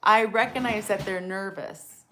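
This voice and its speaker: A middle-aged woman co-hosting a casual live talk about donkey training, chatty and quick to laugh. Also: medium pitch, fairly even intonation, slight background noise. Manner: warm, chatty, laughs often.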